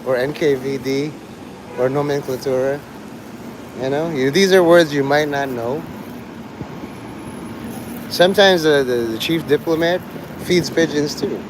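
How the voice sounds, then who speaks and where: A man's voice: on the high side, measured pace, long pauses, noisy background. A man vlogging outdoors in a city street, rambling with sardonic asides. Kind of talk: rambling live street vlog.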